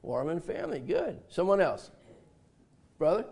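Older preacher guy, kinda high gravelly voice, folksy, keeps asking the church for answers. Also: huge pitch swings, normal speed, a little mellow. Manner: interactive, asks congregation and repeats answers; folksy storytelling with laughs. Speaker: pastor. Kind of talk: sermon.

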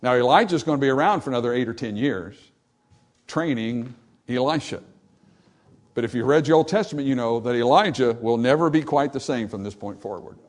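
A male preacher delivering a lively sermon at a mid-range pitch. He acts out the dialogue from scripture with rising energy, then drops to soft, low, reflective tones. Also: a little fast. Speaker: pastor.

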